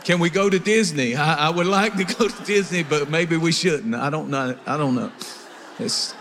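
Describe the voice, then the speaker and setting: Male pastor, humorous preacher, high voice, long reverb. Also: normal speed, fairly bright tone. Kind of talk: sermon.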